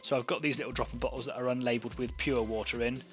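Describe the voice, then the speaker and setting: A man's voice: medium pitch, fairly even intonation, rapid-fire, a bit bright. Chatty man demoing airbrush painting. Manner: chatty, thinking aloud with fillers. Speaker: online painting club host. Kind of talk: casual live-stream painting demo.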